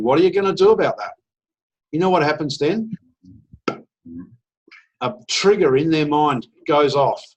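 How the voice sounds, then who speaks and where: Recorded in low quality, a presenter at an online business opportunity meeting makes a persuasive pitch over video call. His voice is a bit higher than the typical man's, and he's eager and talkative, now and then acting out short phone chats.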